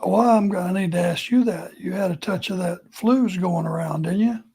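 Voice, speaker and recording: A man's voice: high-pitched, moderate pace, darkish tone, breathy edge. An older man with a Southern US accent, co-hosting a casual podcast, laid-back and plainspoken. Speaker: retired wrestler, co-host.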